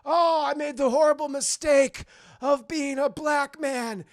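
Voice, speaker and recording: A man's voice: very high-pitched, steady tone, a little slow, pitched above the performer's own voice. A man voicing a frightened, dying male witch doctor, pleading in an overwrought way.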